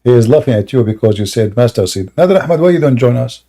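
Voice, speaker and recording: A man's voice: mid-range voice, lively intonation, fast, dark tone. A man hosting a live broadcast, asking direct, blunt questions in non-native phrasing. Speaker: host of a live debate broadcast.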